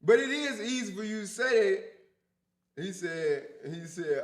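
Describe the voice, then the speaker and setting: Man, Memphis accent, very high voice, loud and profane, heated stream banter, echoey room. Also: lively intonation, a little slow. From Memphis, USA. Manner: loud, big-mouthed, profane, argumentative. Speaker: co-host of a live reaction stream.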